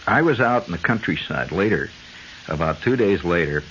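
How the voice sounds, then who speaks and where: A man's voice: sits low, expressive, moderate pace, a bit bright, slight background noise. A man hosting a radio show, telling a long digressive story in a chatty way, full of asides. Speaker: radio host. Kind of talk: rambling storytelling monologue. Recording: dull lo-fi 1970s radio broadcast with faint music.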